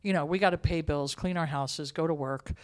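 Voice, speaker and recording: A woman who writes and directs theatre tells stories in a casual interview, speaking a little fast in a deep voice. She is emotional and expressive, sometimes dropping almost to a whisper.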